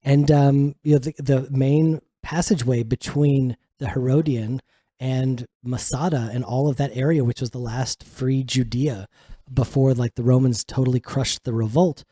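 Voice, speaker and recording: A man's voice: medium pitch, fairly even intonation, moderate pace, mellow, no room sound, studio quality. A man co-hosting a casual radio talk show from a home office in a hillside, rambling and restarting as he tells stories.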